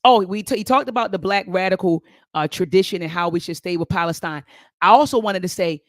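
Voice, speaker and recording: An educator hosts casual commentary, rambling along, losing the thread and backtracking while talking directly to viewers and commenters. The voice is medium-pitched and a bit bright, with no echo.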